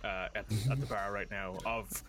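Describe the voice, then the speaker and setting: A man voicing his turns as a player in a tabletop role-playing game. He talks casually and pauses often on ums and uhs. A clear hiss sits under his voice. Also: lowish voice, fairly bright tone.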